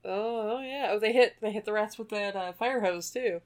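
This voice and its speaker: A woman's voice: mid-range voice, normal speed. A woman co-hosting a movie podcast in casual chat, chiming in with short, enthusiastic remarks and whoops. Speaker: podcast co-host.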